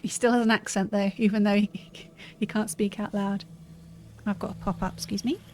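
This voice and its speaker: A woman's voice: mid-range voice, steady tone, moderate pace, a little mellow. A woman casually commenting while she plays a fantasy game and reads dialogue options aloud. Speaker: streamer playing a game. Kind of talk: casual let's-play commentary. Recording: faint background noise.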